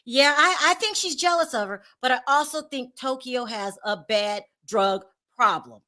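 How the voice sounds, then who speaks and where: A woman's voice: high-pitched, normal speed, pushed and bright. A woman hosting a celebrity gossip livestream, giving blunt opinions, laughing often and talking to her chat. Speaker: host.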